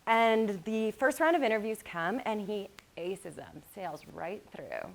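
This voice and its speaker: Woman, motivational speaker, keynote talk, animated storytelling, guided meditation passages, mid-range voice. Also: mid-range voice, measured pace, vocal fry. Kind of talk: keynote talk to college students.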